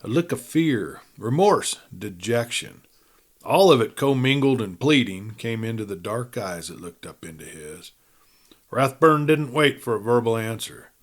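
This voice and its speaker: Male storyteller for a cowboy audiobook, even, measured narration. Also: medium pitch. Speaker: storyteller reading a western novel. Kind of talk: audiobook-style reading aloud.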